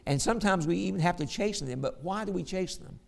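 A man's voice: high-pitched, expressive, fast, creaky. A middle-aged man preaching a sermon, telling stories and reading scripture aloud. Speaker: pastor.

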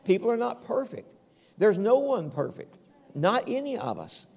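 A man's voice: sits high, wildly swooping pitch, normal speed, creaky, a little mellow, breathy edge. An older man preaching a conversational sermon as pastor, often checking in with the congregation and chuckling now and then. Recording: long reverb of a large hall.

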